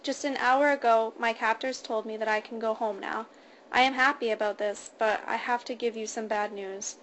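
Tearful young woman, as a woman narrator reads her, stuttering, fairly high voice, faint room hum. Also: steady tone, moderate pace, a bit bright, close to an everyday voice, poor audio. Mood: frightened, resigned. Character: frightened young woman captive reading a statement. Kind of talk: storybook reading.

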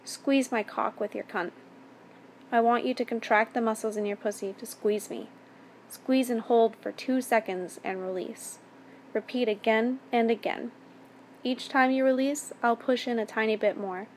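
A cold, commanding man who speaks calmly and in measured phrases, as a woman reading a story voices him. The voice sits somewhat high, with a faint hiss of background noise under it. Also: natural voice. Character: calm, domineering adult man, cold and commanding.

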